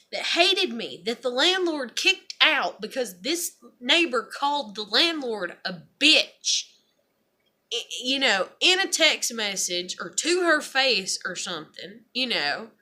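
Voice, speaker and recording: A woman's voice: a little high, pushed and bright. A woman vlogger talking in a profane, meandering monologue with frequent laughs and sighs. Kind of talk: casual rambling monologue.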